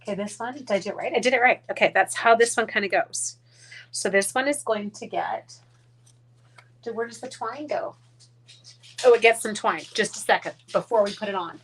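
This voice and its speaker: A woman's voice: mid-range voice, moderate pace, breathy edge. A woman from Canada chatting casually through a live-stream craft demo, rambling, muttering asides under her breath and talking to her dogs. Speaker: card-making demonstrator.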